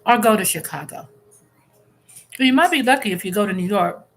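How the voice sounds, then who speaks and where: A woman chats candidly with her live audience from home, reading out viewer comments as she goes. She sounds relaxed and talkative. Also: mid-range voice, brisk. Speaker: live-stream host. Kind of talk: casual live chat with viewers.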